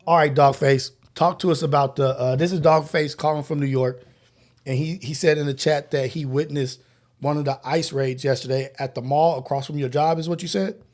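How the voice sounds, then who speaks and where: A man's voice: fairly high pitch, steady tone, moderate pace, a little mellow. A man hosting a morning livestream, reading out super chats and thanking viewers by name with blessings. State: slightly out of breath. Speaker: livestream host. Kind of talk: live show chat reading.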